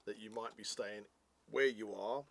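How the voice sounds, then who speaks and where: A man's voice: on the low side, steady tone, measured pace, vocal fry, slight background noise. A man co-hosting a casual product review, chatty and jokey, explaining things at length.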